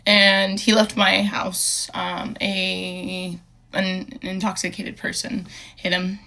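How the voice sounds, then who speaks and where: A young woman telling a personal story in a halting, hesitant way, with many fillers and restarts, earnest and emotional. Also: medium pitch, completely flat delivery, creaky, sharp tone.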